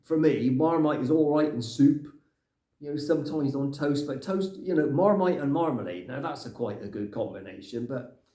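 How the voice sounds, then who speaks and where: A man's voice: mid-range voice, expressive, moderate pace, mellow, lightly acted. A man playing a grumpy older Englishman who rambles and rants in a comic monologue, tagging his lines with "right?". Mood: musing. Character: grumpy older Englishman ranting about clutter. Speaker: comic character. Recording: echoey room.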